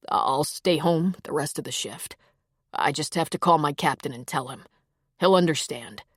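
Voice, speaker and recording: A woman voicing a grieving young husband who stays gentle and protective, speaking in a soft, lowered, steady voice. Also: moderate pace, breathy edge, dry recording, clean studio sound.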